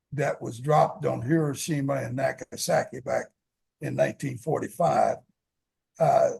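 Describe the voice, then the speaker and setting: A man co-hosting a talk show, explaining world affairs in a measured, explanatory way, with frequent "uh" fillers. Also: mid-range voice, vocal fry, darkish tone, slightly rough. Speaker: co-host commentator. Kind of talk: casual political discussion.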